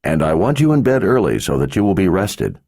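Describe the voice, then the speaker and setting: A man's voice: sits low, huge pitch swings, fairly quick, darkish tone, heavily acted. A man doing a big blunt warrior father. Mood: stern. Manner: blunt, demanding drawl. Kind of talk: audiobook character voice.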